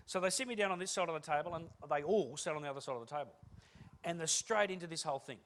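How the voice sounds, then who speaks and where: Man, keynote speaker: high voice, rapid-fire self-deprecating stories with acted-out dialogue. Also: a bit bright, a little hiss or hum. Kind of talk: humorous keynote storytelling.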